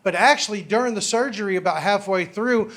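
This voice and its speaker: A man's voice: high voice, fairly bright tone. A man impersonating a smug, cocky male surgeon during stand-up. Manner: breezy, self-satisfied delivery with a pause before the punchline. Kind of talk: stand-up comedy impression.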